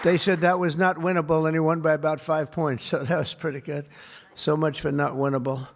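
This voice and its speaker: A man's voice: fairly high pitch, level tone, brisk, crowd noise, noisy background. Rambling man giving a speech. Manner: rambling, repetitive, heavy on superlatives and asides. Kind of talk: off-the-cuff public speech. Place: event hall with a live audience.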